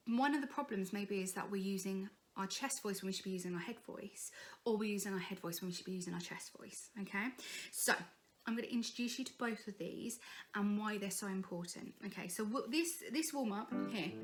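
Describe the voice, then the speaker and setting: Chatty woman teaching singing. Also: mid-range voice. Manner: chatty, encouraging, frequent "okay?" check-ins. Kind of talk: informal vocal tutorial.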